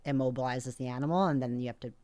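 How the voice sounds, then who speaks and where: Low-pitched woman from North America, guest telling a lively story with lots of "like". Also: rapid-fire. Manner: animated, frequent "like" fillers, quotes herself. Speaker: podcast guest. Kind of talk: casual storytelling.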